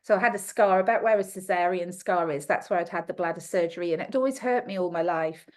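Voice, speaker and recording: A middle-aged woman with an Australian accent, a guest on a podcast, telling a personal story in an animated way. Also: on the low side, fast. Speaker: guest naturopath.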